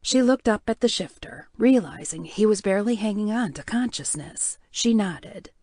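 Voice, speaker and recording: Reading scripted audiobook narration, this mid-range female voice keeps a steady, measured storytelling pace. The sound is clean studio audio with no echo.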